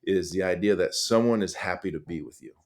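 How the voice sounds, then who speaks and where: A middle-aged man, a high school coach, talking through stories in an earnest, animated way with lots of fillers and restarts. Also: a little fast. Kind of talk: conversational storytelling.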